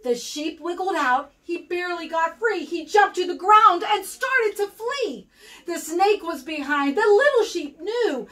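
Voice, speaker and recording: An American woman reading a rhyming picture book aloud to kindergarten children, expressive and sing-song. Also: very high-pitched, a little slow, distant mic, rough recording. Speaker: guest reader for kindergarten.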